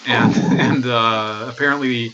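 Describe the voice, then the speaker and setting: A man hosts a live political stream in a loose, rambling way, dry and sardonic, with many fillers. His mic sounds dull and muffled. A clear hiss of noise runs under his voice. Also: mid-range voice, fairly even intonation, slow. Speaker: host.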